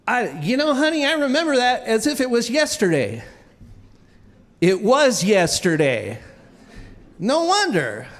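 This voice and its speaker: A man's voice: very high-pitched, wildly swooping pitch, normal speed, hardly any pauses, voice pushed up, heavily acted. A man voicing his exasperated, scolding middle-aged wife during a live storytelling set. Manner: scolding, sharp, incredulous. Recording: reverberant live hall.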